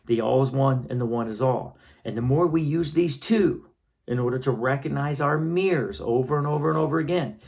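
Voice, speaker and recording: A man giving a spiritual healing lesson in a calm, patient way, often checking that listeners follow and repeating key phrases. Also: mid-range voice. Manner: repetitive, reflective phrasing. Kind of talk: teaching talk to an audience.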